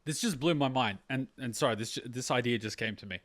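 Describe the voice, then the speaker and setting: A man hosting an anime reaction video, chatting casually, excitable, with loose rambling anecdotes and free swearing. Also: medium pitch, fast.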